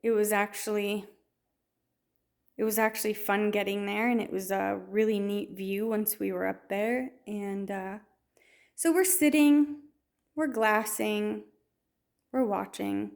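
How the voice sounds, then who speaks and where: A woman's voice: mid-range voice, fairly even intonation, measured pace, gravelly, long pauses. A woman telling a personal faith story in a storytelling way, with many restarts and fillers. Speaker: testimony speaker.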